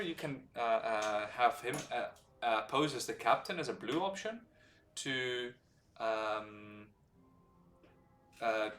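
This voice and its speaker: A man streaming a strategy game live, explaining its mechanics as he plays, relaxed and hesitant with many fillers. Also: medium pitch. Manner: explains game mechanics while thinking aloud. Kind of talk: live gameplay commentary. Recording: roomy sound from a distant mic, faint background music.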